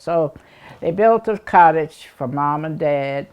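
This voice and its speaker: A woman's voice: low-pitched, takes it slowly, darkish tone. An older woman from East Tennessee with an Appalachian accent, rambling through childhood memories, chuckling and acting out the people in her stories. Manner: rambling, chuckling, acts out the people she recalls. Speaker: oral history interviewee. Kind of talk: reminiscing storytelling.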